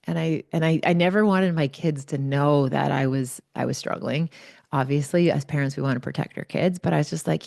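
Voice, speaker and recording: A woman in her forties hosts her podcast and tells a personal story in a candid, chatty way, full of fillers and asides. Her voice sits low with a gravelly fry. The sound is dry and close. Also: brisk, darkish tone, dry recording. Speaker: podcast host.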